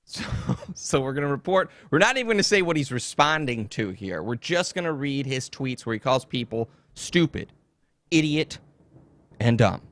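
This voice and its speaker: A man's voice: medium pitch, sing-song, moderate pace, a bit bright, no room sound. Profane, sarcastic male podcast host. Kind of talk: casual solo podcast monologue.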